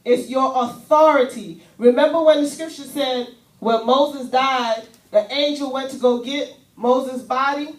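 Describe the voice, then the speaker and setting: Woman preacher, higher voice, animated and chatty, miked from a distance in a roomy church. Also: measured pace. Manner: animated, conversational preaching with casual asides. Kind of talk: sermon with volunteers on stage. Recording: echoey church room, voice from afar.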